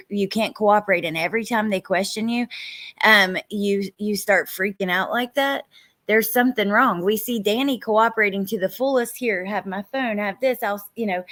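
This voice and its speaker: A woman's voice: medium pitch, a bit bright. A woman hosting a casual true crime chat, exasperated and rambling, with the odd swear word. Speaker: host.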